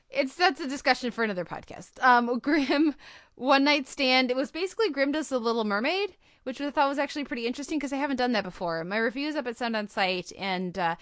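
A woman's voice: on the high side, fairly bright tone, no room sound, studio quality. A woman hosting a podcast, chatting casually about TV episodes, rambling with fillers and restarts. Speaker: podcast host.

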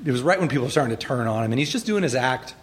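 A middle-aged man chatting as a guest in an interview, animated and acting out quoted lines with laughter. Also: mid-range voice, very fast. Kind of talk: casual interview chat.

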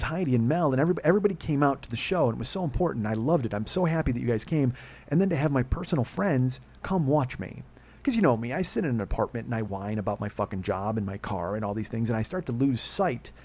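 A man's voice: mid-range voice, a little mellow, husky. A man hosting a podcast, telling a rambling, profane, self-deprecating story in casual chat. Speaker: podcast host.

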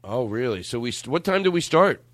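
A man hosting a loose comedy podcast, his pitch jumping all over as he rambles excitedly and laughs. His voice sits at a middle pitch, and he chats casually. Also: fairly quick, dry recording. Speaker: podcast host. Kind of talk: casual chat.

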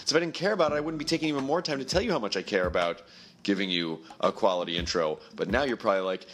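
A man hosting a podcast with a hoarse voice, rambling and joking at himself with lots of fillers. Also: fairly low pitch, expressive, very fast, fairly bright tone, a little hiss or hum. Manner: rambling, self-mocking, many fillers. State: hoarse, lost his voice. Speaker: podcast host. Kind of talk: podcast intro monologue.

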